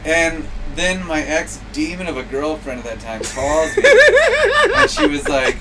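A man's voice: a little high, very animated, moderate pace. A young adult man, a comedian, telling a funny story in casual chat, often breaking into laughter. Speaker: comedian guest. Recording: distant mic with clear noise.

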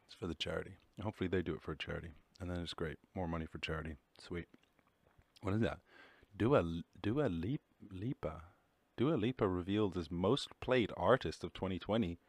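A young Irish man with a deep, low voice talks through a solo podcast, loose and rambling, swearing freely and poking fun at himself. The sound is dry and close, with no room around it. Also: dry recording. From Ireland. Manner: rambling, swearing, self-mocking, quick shifts into mock voices. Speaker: podcast host. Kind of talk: casual solo chat.

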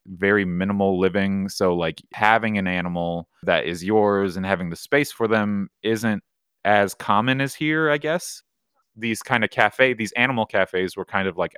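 A man's voice: on the low side, clean tone, no room sound, clean studio sound. A man, co-founder of a cat cafe, telling his story casually with lots of swearing and fillers. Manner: profane, animated, rambling with many fillers.

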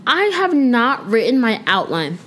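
A woman's voice: on the high side, very animated, a little slow, fairly bright tone. A woman in her twenties talks loosely and self-mockingly through a solo podcast episode, wandering off topic as she goes. She records from her bedroom at home, and a faint hiss sits under her voice. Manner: rambling, chatty and self-deprecating, drifts off topic. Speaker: podcast host. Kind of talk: casual solo chat.

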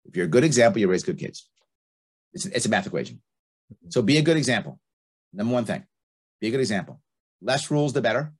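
Man, middle-aged, husky voice, quick delivery, lively pitch, blunt and emphatic. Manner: blunt, emphatic, repeats points. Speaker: guest. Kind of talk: opinionated advice in conversation.

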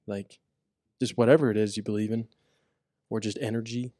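Mellow lower-voiced man, earnest. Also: moderate pace, no echo, studio quality. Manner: earnest, animated when retelling. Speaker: podcast co-host. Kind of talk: casual chat.

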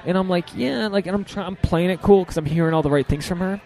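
Young guy comic rambling thru a story, cursing a lot, does the voices, kinda high pitched. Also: quick pace, faint music behind. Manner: animated, profane, acts out quotes. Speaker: podcast host and stand-up comedian. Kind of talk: casual storytelling chat.

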